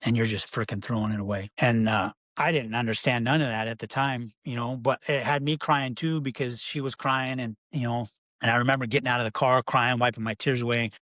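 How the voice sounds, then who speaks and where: A man's voice: medium pitch, steady tone, brisk, a bit bright, dry recording. A middle-aged man, a podcast guest, telling his life story in a rambling, candid way with many fillers and restarts.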